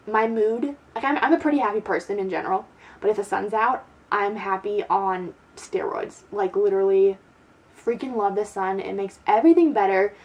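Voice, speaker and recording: A woman's voice: medium pitch, normal speed, darkish tone, rough recording. Chatty young woman vlogging at home. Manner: chatty and giggly, peppered with "like". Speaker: beauty vlogger. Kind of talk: casual chat to camera. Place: at home, sitting indoors.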